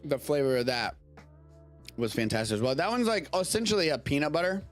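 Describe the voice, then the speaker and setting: A man's voice: fairly high pitch, brisk, soft background music. A man hosting a live show in casual chat, loose and rambling as he talks, swearing offhandedly now and then. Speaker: show host. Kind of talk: casual chat, tasting food. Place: home studio during a live stream.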